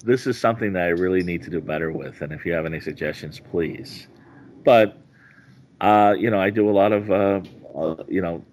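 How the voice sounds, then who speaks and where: A male stand-up comedian chatting as a podcast guest, rambling with halting restarts. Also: low-pitched. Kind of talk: casual podcast interview.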